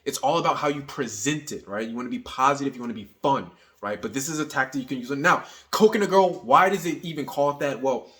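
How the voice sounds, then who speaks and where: A man's voice: mid-range voice, fast, hardly any pauses. Young man coaching with a "right?" habit. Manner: tags points with "right?", energetic and teasing. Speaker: dating coach. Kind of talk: casual coaching monologue.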